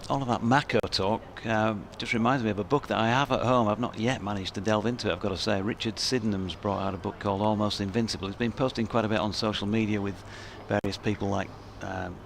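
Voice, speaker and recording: An English man calls the cricket in a low, gravelly voice. He talks eagerly and often restarts his sentences. Clear outdoor background noise runs under the recording. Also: fairly even intonation. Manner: enthusiastic, halting restarts. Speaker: cricket commentator. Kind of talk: ball-by-ball commentary and chat.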